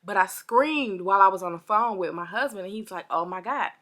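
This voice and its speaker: Chatty and animated, a young woman vlogger shares a storytime with her viewers while sounding a little parched and under the weather. She talks briskly in a mid-range voice.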